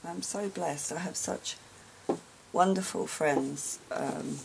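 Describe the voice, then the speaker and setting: A low-voiced woman with a gravelly edge speaks slowly and softly in a casual vlog, gasping and gushing as she opens gifts. Paper crinkles, and noticeable noise sits behind her voice. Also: low-quality recording. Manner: soft, slow and gushing, many gasps and sighs. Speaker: craft vlogger opening gifts.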